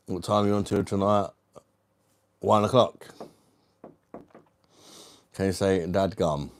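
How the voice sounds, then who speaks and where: A man from the UK hosts a casual livestream. He chats with viewers and reads their comments aloud. His voice sits fairly low, and his banter is crude and matey. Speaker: livestream host. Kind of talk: casual live chat reading viewer comments.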